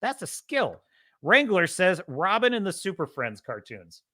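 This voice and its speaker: A man hosting a casual livestream podcast, opinionated and animated, sliding into heated ranting about culture and movies. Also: high-pitched, unhurried. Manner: imitates radio DJ cadence. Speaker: podcast host.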